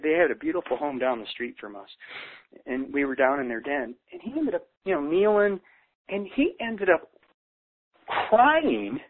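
A man's voice: on the high side, slightly rough. Earnest man on a tinny phone line. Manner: earnest, searching, restarts with stammered repeats, quotes people in lively voices. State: choked up. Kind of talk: heartfelt unscripted conversation.

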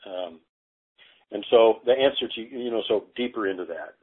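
Halting man on a narrow phone line. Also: on the low side, slightly rough. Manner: halting, many fillers and restarts. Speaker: guest. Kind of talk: casual storytelling interview.

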